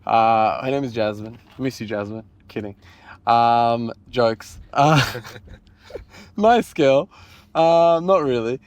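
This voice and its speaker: A man's voice: mid-range voice, slow, darkish tone, dry recording. Chatty joking male podcast host. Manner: chatty, joking, rambling asides. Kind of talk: casual interview conversation.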